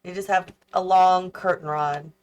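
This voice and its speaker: This gaming channel host speaks in a fairly low, fairly even, unhurried voice. Tired and yawning, she builds a house in a game and chats casually, musing aloud and doubting her choices along the way.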